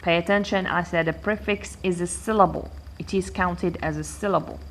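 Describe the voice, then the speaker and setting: A woman teaching an English pronunciation lesson, counting syllables aloud slowly and deliberately. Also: fairly low pitch, steady tone. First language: Arabic.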